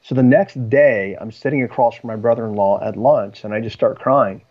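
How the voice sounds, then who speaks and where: A man's voice: mid-range voice, normal speed. A man, a podcast guest, telling personal stories in a rambling way with frequent ums and restarts. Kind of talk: storytelling in conversation. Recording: slightly dull lo-fi audio.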